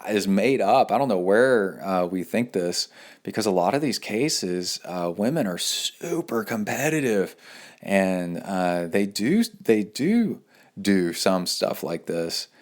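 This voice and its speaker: A man's voice: lowish voice, lively intonation, slow pace. A middle-aged man hosting a casual solo podcast, rambling with many fillers and restarts, and acting out quotes in a raised voice. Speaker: podcast host and coach.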